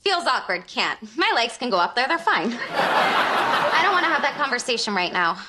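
A woman's voice: on the high side, very animated, normal speed, very noisy. A woman delivering sitcom dialogue in an earnest, easily rattled way. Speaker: sitcom character.

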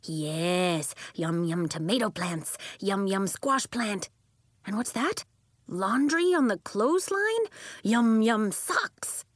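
A woman's voice: mid-range voice, expressive, slow pace, no echo, clean studio sound. A woman voicing a gluttonous goat-headed kitten girl in a storybook, with a dreamy, savoring delivery. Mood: greedy.

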